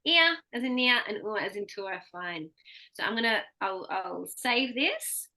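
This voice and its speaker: An Australian woman with a medium-pitched, sharp-toned voice gives a one-on-one pronunciation lesson, animated yet unhurried. She patiently explains and models words for her student to repeat.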